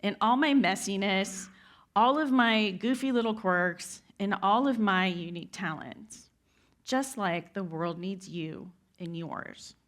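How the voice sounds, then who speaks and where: A woman's voice: medium pitch, takes it slowly, fairly bright tone. A woman giving an inspirational speech from a stage, telling a personal story and speaking straight to her audience. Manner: heartfelt storytelling, addresses the audience directly. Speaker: keynote speaker. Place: event stage before a live audience.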